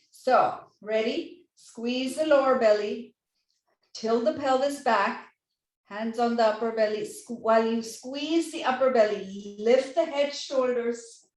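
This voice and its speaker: A woman teaching a yoga class, gently guiding each step and checking in with "right?". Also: on the high side, reverberant, recorded from a distance. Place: yoga studio.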